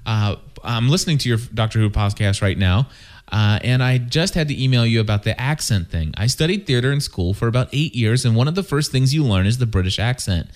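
A man's voice: medium pitch, animated. A man co-hosting a fan podcast, reading listener emails aloud with frequent restarts. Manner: halting, with restarts. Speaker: podcast co-host.

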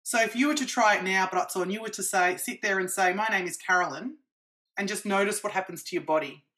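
A fast talker with a mid-range voice, this woman is a practitioner and interview guest who eagerly explains her methods through examples.

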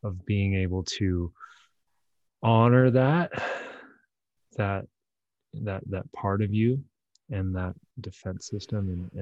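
Deep gravelly halting man host. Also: a little mellow, no echo, dull audio. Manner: halting, repeats words, many fillers. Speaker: podcast host. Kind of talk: conversational interview.

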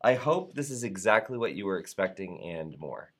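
A man's voice: low-pitched, big pitch swings, moderate pace. A man hosting a live show, reading viewer comments in an upbeat, playful way and sometimes tripping over words. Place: Atlanta area.

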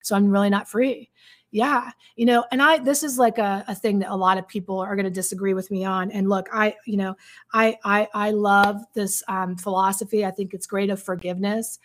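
Woman coach talking real frank and earnest, lots of ums and restarts, middle pitch. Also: steady tone, brisk. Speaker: codependency coach. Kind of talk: candid coaching talk with personal story.

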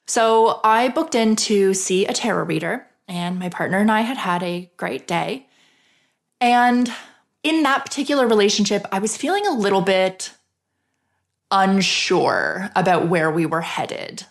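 A woman's voice: medium pitch, animated, unhurried, gravelly. Frank, chatty woman. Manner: chatty and frank, swears freely, frequent "like" fillers. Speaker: podcast host. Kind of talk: casual personal storytelling.

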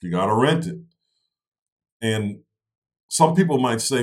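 A man with a low voice talks through investing steps in a casual podcast chat. He explains patiently and keeps checking that his listener follows with quick "right?" and "okay?" tags. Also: lively intonation, a little mellow. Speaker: real estate investor co-host.

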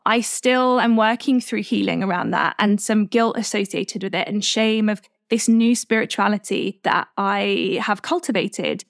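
A woman in her twenties hosting a podcast, telling a personal story in a candid, reflective, unhurried way. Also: medium pitch, vocal fry, clean tone, no room sound, studio quality. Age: 20s. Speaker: podcast host.

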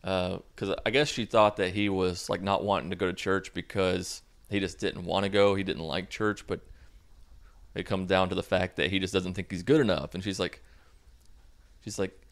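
A man's voice: low voice, fairly even intonation, moderate pace, gravelly. A young man casually recapping a movie in a sarcastic, mocking way. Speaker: movie reviewer.

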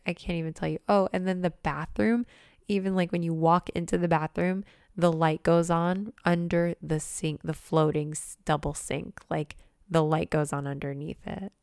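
A young woman chatting excitedly in a casual vlog, gushing and swearing casually as a manifestation coach. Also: deep voice, gravelly, clear, resonant tone, no room sound, studio quality. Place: new apartment.

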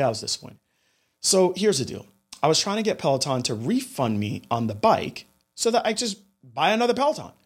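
Lively, animated male podcast host. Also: medium pitch, slightly rough. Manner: animated storytelling, addresses listeners directly. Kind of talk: podcast monologue.

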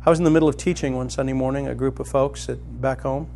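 A middle-aged man preaching a sermon as a pastor, telling a personal story and climbing to loud, excited emphasis. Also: medium pitch, fast, gravelly, slight background noise.

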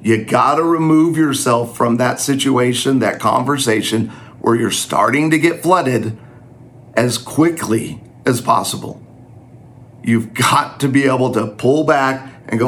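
A man's voice: medium pitch, measured pace. A man teaching in a conversational sermon style, earnest and self-deprecating.

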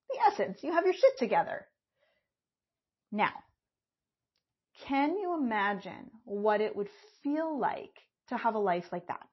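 Candid, animated woman podcast host. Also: fairly high pitch, highs cut off. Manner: candid, animated, swears casually. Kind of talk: solo podcast talk.

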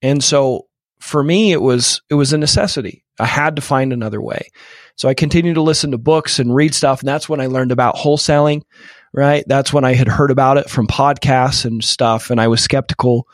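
A man's voice: medium pitch, brisk, no room sound, studio quality. A man in his thirties, a podcast guest telling an emotional personal story with many repeated false starts. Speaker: podcast guest, real estate investor.

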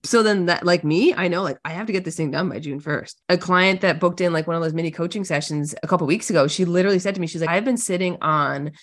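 A woman coach with a lowish voice talks through a podcast interview. She is upbeat and casual, full of "like" and "just do it". Her delivery is animated and chatty. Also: fast, few pauses. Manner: energetic, casual, lots of "like", animated storytelling.

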